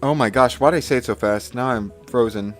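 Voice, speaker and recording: Young man, mid-pitched voice, live streamer, self-correcting, flustered, faint music behind. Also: brisk. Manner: self-correcting, flustered, reciting digits in bursts. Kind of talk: live stream memory challenge.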